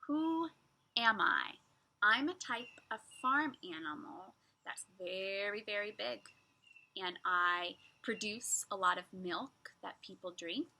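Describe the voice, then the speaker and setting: A woman teacher leading a children's lesson, speaking slowly and patiently as she asks young children simple riddles. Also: medium pitch, sharp tone.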